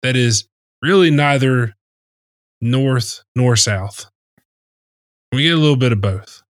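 A man's voice: mid-range voice, lively intonation, takes it slowly, no echo, clean studio sound. A man co-hosting a casual sports talk show, joking and rambling with lots of fillers. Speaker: podcast co-host.

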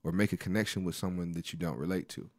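A man in his thirties chats casually on a podcast, winding through stories with plenty of restarts and asides. His voice sits a little low. The sound is dry and close. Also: fairly even intonation, quick pace, dry recording. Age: 30s. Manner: storytelling, lots of restarts and "you know". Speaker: podcast co-host. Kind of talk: casual chat.

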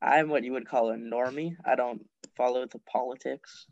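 A man hosting a casual podcast, rambling and halting, often laughing with his co-hosts. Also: medium pitch, fairly even intonation, muffled recording. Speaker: podcast host.

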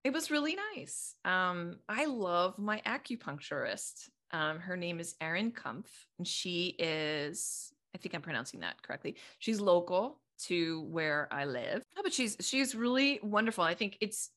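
Rambling, lively-voiced woman podcaster. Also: on the low side, a little slow, few pauses. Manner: rambling, stream-of-consciousness, laughs often. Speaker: podcast host. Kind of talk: casual chat.

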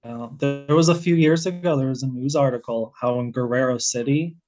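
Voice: medium pitch, fairly quick, over music. A guest researcher with an American accent explaining their field in casual conversation, thinking aloud with many restarts.

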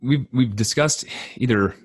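A man's voice: medium pitch, a little slow, breathy edge, no echo, studio quality. A man hosting a podcast from his home office, chatting casually and rambling with lots of restarts and "right?" tags. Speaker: podcast host. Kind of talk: casual interview chat.

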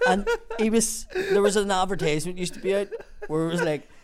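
A man's voice: high voice, animated, brisk, heavy background noise. A man telling a long, rambling story, swearing often. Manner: rambling, heavy swearing, laughs through the story. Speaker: guest storyteller. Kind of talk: casual storytelling.

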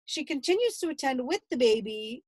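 High-voiced grandmother telling a family story. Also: fairly quick, dry recording, rough recording. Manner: emotional, animated retelling with acted-out quotes. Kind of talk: personal storytelling.

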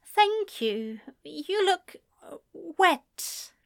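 A woman's voice: very animated, extremely slow, vocal fry, a bit bright, no room sound, studio quality, exaggerated voice. A woman voicing a prim, flustered man at his office desk, caught off guard. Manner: high, flustered and breathless.

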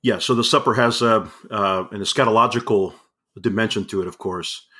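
A man hosting a podcast conversation, speaking in a measured way and affirming his guest. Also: fairly low pitch, pushed and bright. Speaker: podcast host.

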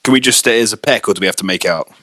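A man's voice: lowish voice, very fast, sharp tone. A man co-hosting a podcast, crude and teasing banter. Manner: swears a lot, jokey and teasing. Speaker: podcast co-host.

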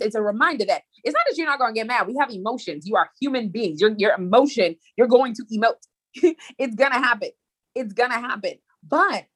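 A woman podcast host giving an informal, animated bible teaching, acting out quoted exchanges. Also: medium pitch.

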